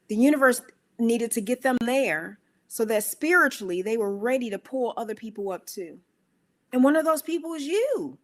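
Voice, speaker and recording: Animated woman giving a motivational talk. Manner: animated, acts out her own inner voices with squeaky high bits; conversational and emphatic, asks rhetorical questions. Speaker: speaker of a worship center.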